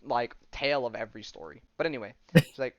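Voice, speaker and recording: A man's voice: medium pitch, fast, muffled recording, a crowd in the background. A male podcast host casually retelling a comic story, reading the dialogue aloud with lots of fillers and swearing.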